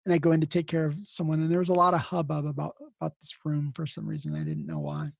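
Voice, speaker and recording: A man's voice: on the high side, quick pace, gravelly, dry recording. A middle-aged man, an emergency nurse, telling blunt, rambling stories in a casual interview and acting out the people in them. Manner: rambling anecdotes acted out with quoted dialogue, blunt. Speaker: emergency nurse and podcast host, here the guest.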